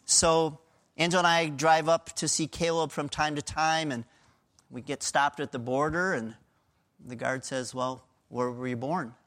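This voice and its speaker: Man, middle-aged pastor, sermon, conversational but emphatic, slightly high pitch. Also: fairly even intonation, measured pace, a bit bright. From Pennsylvania, USA. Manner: earnest, emphatic preaching with a conversational tone.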